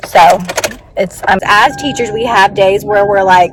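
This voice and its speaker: A woman's voice: medium pitch, steady tone, a little slow, slight background noise, poor audio. A young woman who teaches first grade, chatting earnestly in a casual vlog and peppering her story with "like.". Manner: chatty and earnest, many "like" fillers.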